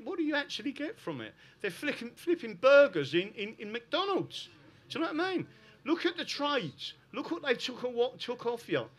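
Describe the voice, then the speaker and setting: Fervent South London man, bright voice. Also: very high-pitched. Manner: fervent, repetitive "right?" and "listen". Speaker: public speaker. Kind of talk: impassioned talk to an audience.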